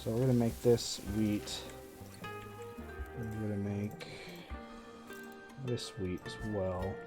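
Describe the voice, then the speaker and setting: This live game streamer speaks in a medium-pitched, somewhat dark voice over faint game music. As he plays, he keeps up a casual commentary laced with sarcasm and self-mockery.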